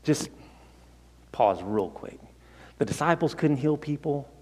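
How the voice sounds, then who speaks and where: A man's voice: fairly high pitch, slow pace, long pauses, husky. Guy preaching in church, chatty storytelling, stumbles n restarts, big echoey hall. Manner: conversational, animated storytelling with repeated restarts. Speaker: pastor. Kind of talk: sermon. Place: church sanctuary. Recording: long hall reverb.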